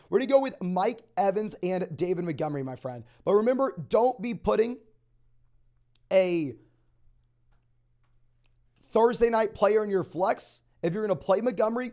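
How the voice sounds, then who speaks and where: A young man hosting a live stream, answering viewer questions in a rapid, auctioneer-like delivery. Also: sits high, a little mellow. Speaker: fantasy football host.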